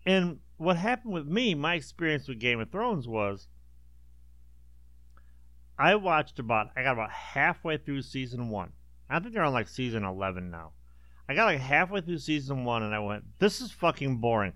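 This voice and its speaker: Animated man joking crudely. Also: mid-range voice, normal speed, no echo. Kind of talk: casual chat.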